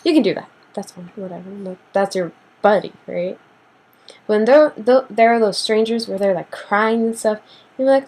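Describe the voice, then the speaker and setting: A young woman ranting casually to the camera in a sassy, animated way, acting out what people say with big jumps in pitch. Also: fairly quick, low-quality recording. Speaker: vlogger.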